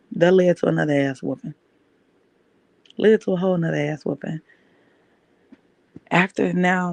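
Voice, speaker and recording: A woman's voice: fairly low pitch, vocal fry, a little mellow, no echo. A woman podcast host telling a personal story in an emphatic way, repeating key phrases.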